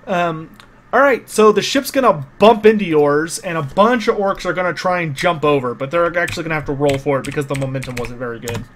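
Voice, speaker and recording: A man's voice: fairly high pitch, fairly quick, a little hiss or hum. A man narrating a tabletop game as game master, explaining the rules patiently with many small hesitations.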